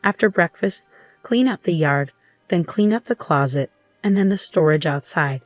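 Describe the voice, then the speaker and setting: A woman's voice: lowish voice, animated, moderate pace, no room sound, soft background music, natural voice. A woman voicing a harsh, bossy older mother-in-law in a storybook narration, speaking in a scolding, commanding way.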